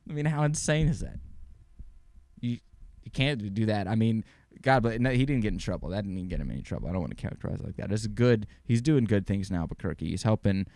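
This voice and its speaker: A man in his twenties hosting a podcast, rambling casually about fights, excitable and swearing now and then. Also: lowish voice, fast talker, no room sound. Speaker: podcast host. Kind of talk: casual sports chat.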